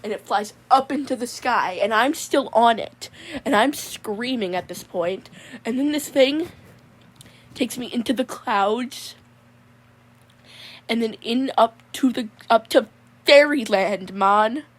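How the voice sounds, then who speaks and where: A woman's voice: a little high, slow pace. A woman voicing a goofy, laid-back young guy with a mullet, drawling and rambling as he keeps calling people "mon". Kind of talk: comedic character monologue.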